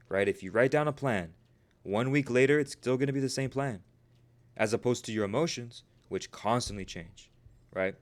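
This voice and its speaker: A man's voice: mid-range voice, moderate pace. A man coaching traders on a live stream, talking casually and emphatically to his viewers, often calling them "bro" and asking "right?". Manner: addresses viewers as "you guys" and "bro", repeats "right?"; emphatic, preachy motivational delivery. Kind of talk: live-stream talk answering chat.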